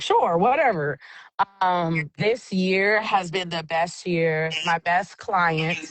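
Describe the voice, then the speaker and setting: A woman's voice: lowish voice, dry recording, poor audio. A woman who works as an event MC, talking expressively and emotionally in a casual interview. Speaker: guest, event MC. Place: Oakland area event scene.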